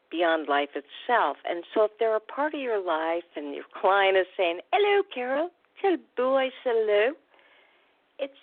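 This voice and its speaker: A woman talks through a radio show as a recovery coach, chatty and upbeat, her pitch leaping and dipping as she goes. Her voice comes over a thin, phone-like line. The sound is dry, with no room around it. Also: no room sound. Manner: chatty, lively and upbeat, with fillers. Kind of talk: radio talk-show monologue.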